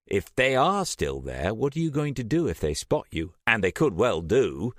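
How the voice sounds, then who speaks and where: A man's voice: fairly low pitch, sing-song, moderate pace, no room sound, clean studio sound, pitched above the performer's own voice. A man voicing a brash young man who argues and boasts defensively. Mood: arguing. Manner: cocky, argumentative.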